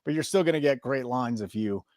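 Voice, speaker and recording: A man's voice: medium pitch, brisk, darkish tone, dry recording, clean studio sound. A man hosting a sports betting show, joking and mock-indignant in casual banter.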